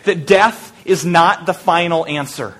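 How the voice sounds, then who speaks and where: High-voiced preacher telling an Easter story. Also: male voice, a little slow. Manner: storytelling, drops to a hushed voice for intimate moments; lighthearted asides. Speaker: pastor. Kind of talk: Easter sermon.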